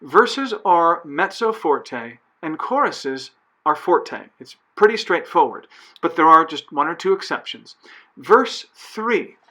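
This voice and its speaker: A man's voice: a little high, sing-song, slow pace, bright, forceful tone, poor audio. A man directing a choir, explaining phrasing and dynamics step by step, counting beats aloud and singing short examples. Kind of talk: recorded choir instruction.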